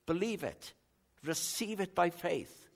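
Older male pastor, sermon, chatty bantering delivery, slightly high voice. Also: sing-song, takes it slowly, gravelly. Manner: conversational preaching, bantering with the congregation, big swings in loudness.

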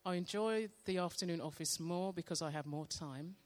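Woman sharing devotional testimony, slow and meditative in delivery. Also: on the low side. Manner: slow, calm, soft-spoken, meditative. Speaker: church member sharing testimony. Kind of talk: devotional testimony with guided prayer.

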